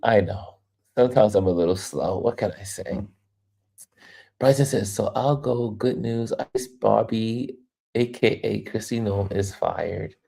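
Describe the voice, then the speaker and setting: Gravelly, laughing livestream host. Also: male voice, lowish voice, measured pace. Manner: animated, laughs often, reads chat aloud. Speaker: livestream host reading viewer comments. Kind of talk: casual live chat.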